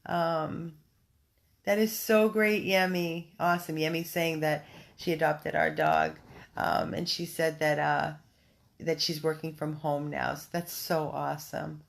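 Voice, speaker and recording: A woman with a low, gravelly voice talks slowly on a phone livestream from home. She reads out viewer comments and chats in an effusive way, often starting over and filling pauses with ums. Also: level tone. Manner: chatty and effusive, many ums and restarts. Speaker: dog rescue volunteer hosting a livestream. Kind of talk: casual livestream chat, reading viewer comments.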